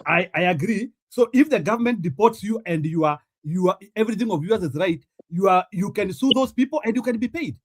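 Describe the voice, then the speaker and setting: A man's voice: high-pitched, expressive, breathy edge. A man with a Kenyan accent hosting a heated livestream debate, answering defensively and mixing English and Swahili. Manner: defensive, quick interjections, mixes English and Swahili. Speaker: show host.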